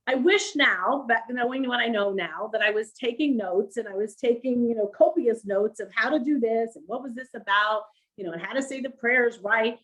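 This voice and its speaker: A middle-aged woman telling her story as an interview guest, animated and laughing often as she acts out quoted voices. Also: a little high, normal speed, rough recording. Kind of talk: storytelling on a livestream.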